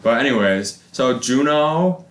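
A young man co-hosting a casual film podcast, animated and mocking, often slipping into exaggerated high voices to parody characters. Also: a little slow. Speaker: podcast co-host. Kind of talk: casual film review chat. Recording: echoey room with faint ambient noise.

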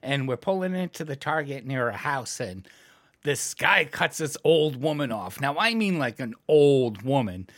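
A co-host from New England tells excitable stories in a casual chat, laughing and shouting out the punchlines. The voice is bright and swoops widely in pitch, recorded dry and close. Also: a little slow, no room sound.

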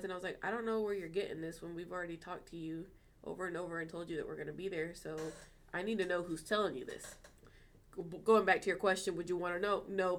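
A woman co-hosting a casual chat, telling a story with lots of swearing and acted-out quotes of what people said. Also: lowish voice. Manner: animated, swears freely, acts out quoted dialogue. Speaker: podcast co-host.

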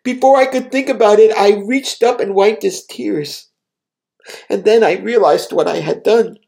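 A man's voice: sits high, a little slow, vocal fry, darkish tone. A man preaching, recounting a vision and exhorting his listeners in an earnest, emotional way. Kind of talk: devotional vision account and exhortation.

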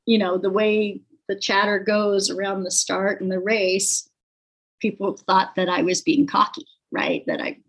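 A woman who once raced skis, telling her story in a casual, halting way with many fillers and restarts. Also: mid-range voice, flat delivery, rough recording. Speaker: former ski racer telling her story.

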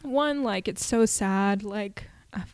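A young woman hosting a personal solo podcast, talking candidly and haltingly with many fillers and restarts. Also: medium pitch, dry recording. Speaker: podcast host.

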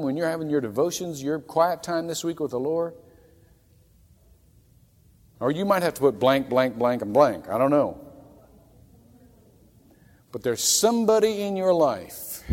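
Man preaching in a reverberant church. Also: fairly high pitch. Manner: dramatic swings from loud acted outbursts to soft near-whispers. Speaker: pastor. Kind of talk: sermon. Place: church sanctuary. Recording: long hall reverb from a church.

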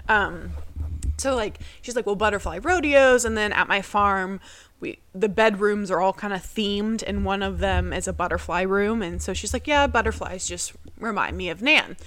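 A young woman on a podcast, rambling through a family story with plenty of fillers and quick impressions of her relatives. Her voice sits at an ordinary pitch and sounds close and dry, with no room around it. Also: a bit bright, no room sound. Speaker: podcast co-host. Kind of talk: casual personal storytelling.

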